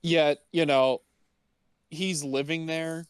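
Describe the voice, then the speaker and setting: A man co-hosting a podcast, tossing in slow, drawn-out jokey remarks and laughing along. His voice is smooth and clear, recorded dry and close with no room sound. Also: fairly high pitch, steady tone, dry recording. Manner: adds jokey asides and laughs. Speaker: podcast co-host. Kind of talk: casual movie recap chat.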